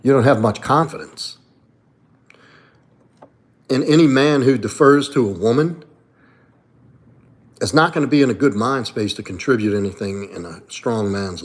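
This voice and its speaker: A man talks casually on a live stream, answering viewers' questions. He is blunt and opinionated, with frequent swearing. His voice sits at a middle pitch. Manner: blunt, profane, reads and answers chat. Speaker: livestream host and coach. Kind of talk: casual livestream chat.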